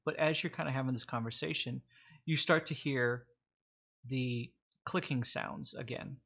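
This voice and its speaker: A man narrating a tabletop game as game master, relaxed and joking. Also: mid-range voice, normal speed, creaky. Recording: dull lo-fi audio.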